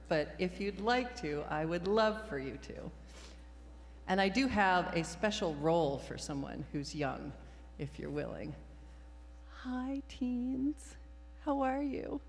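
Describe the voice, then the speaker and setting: A woman's voice: on the low side, animated, a little slow. A woman minister leading a playful children's time in a worship service, improvising and encouraging the young people. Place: church sanctuary. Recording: long hall reverb in a sanctuary.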